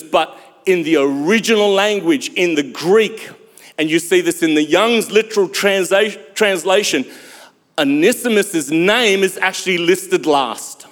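A male pastor preaching a sermon, emphatic, with dramatic pauses and sudden loud swells. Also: a little high. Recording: long hall reverb.

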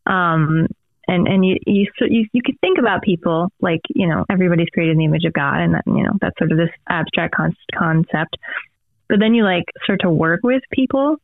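On a dry, phone-like remote line with no room sound, a female audio theater director chats as a podcast guest in a casual interview. Her lowish voice has lively intonation and a fairly quick pace, and she wanders off on tangents, full of fillers.

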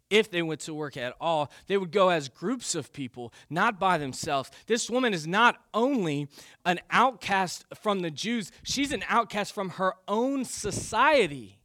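An animated male pastor preaching with emphatic, quick turns of phrase and frequent restarts. His voice is bright and slightly high. The recording is close and dry. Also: dry recording. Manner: animated, emphatic, self-correcting. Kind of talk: sermon.

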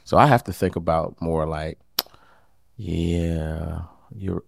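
A man co-hosting a podcast, talking casually and in a relaxed way with many fillers. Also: sits low, slow pace, vocal fry, dry recording, clean studio sound. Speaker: podcast co-host. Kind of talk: casual relationship talk.

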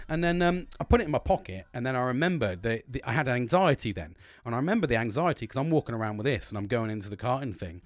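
A man's voice: medium pitch, big pitch swings, fast, few pauses, no echo. A British man casually telling a long story about his dreams, swearing constantly and laughing as he goes. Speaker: host recounting his dreams.

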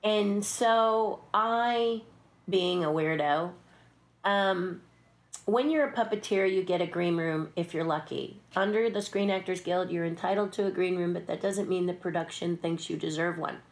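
A woman telling backstage stories in a relaxed interview, her voice sitting a touch low. She keeps it lively and animated, jumping into little acted-out voices and laughing along the way. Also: unhurried. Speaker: puppeteer and stunt performer, interview guest. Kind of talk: casual anecdotal storytelling.

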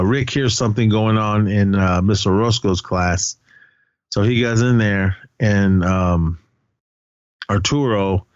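A man's voice: deep voice, no room sound, lo-fi sound. A man co-hosting a podcast, recapping a film's plot casually, rambling and correcting himself with lots of fillers. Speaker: podcast co-host.

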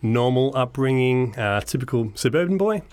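A man's voice: mid-range voice, animated, normal speed, darkish tone, smooth. An Australian man from Melbourne, a guest in an interview, telling his story in an easygoing, reflective way and laughing often. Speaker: guest, charity founder.

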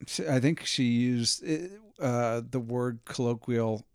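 A man in his forties co-hosting a casual comedy podcast, easygoing, with wry jokes and soft chuckles. His voice sits in a middle pitch, recorded dry and close. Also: fairly even intonation, slow, clear, resonant tone, no room sound. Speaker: podcast co-host.

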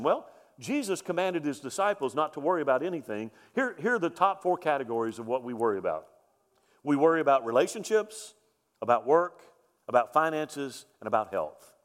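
Emphatic preacher in a reverberant hall. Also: male voice, mid-range voice, sing-song, a little fast. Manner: emphatic, repeats key lines, rhetorical questions. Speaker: pastor. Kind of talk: sermon. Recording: long reverb of a large hall.

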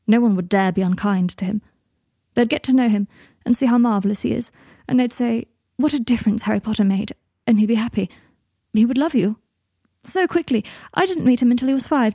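A woman's voice: a little high, fast, vocal fry, mellow, no room sound, clean studio sound. A woman voicing a proud, bitter adult wizard father with a clipped, strained way of speaking, in a storybook reading.

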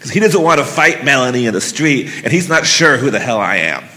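A man telling a personal story live on stage, intense and halting, with emotional pauses. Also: mid-range voice, sing-song, sharp tone, big-room sound.

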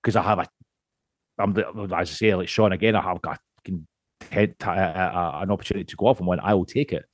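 A man's voice: low-pitched, fairly even intonation, fast talker, no room sound. A Scottish man on a podcast as a guest, chatting casually, rambling, swearing freely and laughing often. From Scotland.

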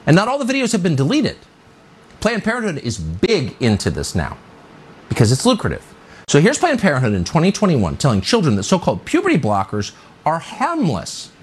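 A man's voice: fairly high pitch, breathy edge. A man hosting a commentary show, delivering an indignant, sarcastic opinion monologue with heavy emphasis.

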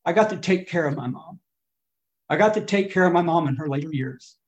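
Man, middle-aged, slightly high voice, recovery speaker, emotional, loud then hushed. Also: fairly quick. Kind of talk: AA share storytelling.

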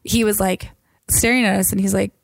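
A woman's voice: mid-range voice, fairly even intonation, a little fast, gravelly, no room sound, clean studio sound. A woman in casual podcast chat, telling travel stories with lots of fillers and quoted voices.

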